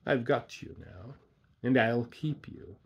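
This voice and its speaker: A man reading a horror story aloud, voicing a blinded, disfigured man who speaks in a quiet, menacing, coaxing voice. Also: medium pitch, slow pace, vocal fry, slight background noise. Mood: menacing hush.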